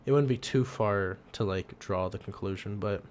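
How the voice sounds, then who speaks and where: Young male co-host, lowish voice, rambling and laughing, slight background hiss. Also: normal speed. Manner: rambling, laughs often, swears casually. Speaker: podcast co-host. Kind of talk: casual chat.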